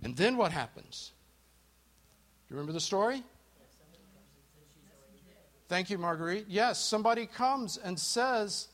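A man with a high voice leads a live Bible study, telling the story and pausing to quiz his listeners and thank those who answer. He drops to a hush at the dramatic moments. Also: big pitch swings. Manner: asks the group questions and thanks responders. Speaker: Bible teacher. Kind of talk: interactive Bible study teaching. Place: live group gathering.

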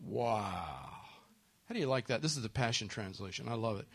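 Animated and fairly low-pitched, this man preaches earnestly at a normal pace. He frequently questions his audience and dramatizes quoted voices.

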